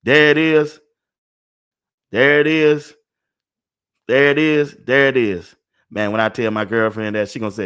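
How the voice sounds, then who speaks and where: An older man hosts a casual sports talk livestream at an unhurried, drawn-out pace. He laughs often and repeats the same phrases several times in a row, chatting loosely with his viewers. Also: lowish voice, a bit bright. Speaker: sports talk show host.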